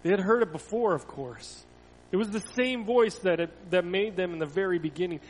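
A pastor reads a story to the children in his church, building dramatically and then falling to a near whisper. His voice sits high for a man. It rings out with a long reverb through the church hall. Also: a little fast, a little hiss or hum. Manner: expressive storytelling, swelling loud then dropping to a hush. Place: church sanctuary.

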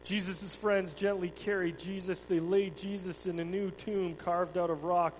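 A man reading a children's Bible story aloud to a congregation with dramatic, expressive delivery. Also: sits high, unhurried. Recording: long hall reverb, faint hum.

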